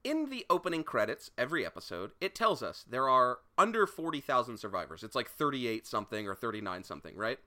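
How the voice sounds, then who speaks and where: Lively bantering man. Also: mid-range voice, fast talker, few pauses. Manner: bantering, teasing, profane. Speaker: podcast co-host. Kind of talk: casual comedic chat.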